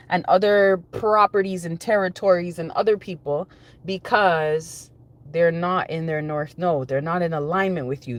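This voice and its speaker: A woman giving a conversational, rambling spiritual message, often repeating phrases for emphasis. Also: on the low side. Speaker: spiritual reader. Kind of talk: spiritual reading monologue.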